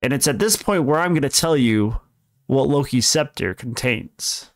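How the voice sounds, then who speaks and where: A man's voice: mid-range voice, lively intonation, moderate pace, dry recording, clean studio sound. A young man co-hosting a casual podcast, recapping a story at length in a rambling, self-correcting way. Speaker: podcast co-host explaining films.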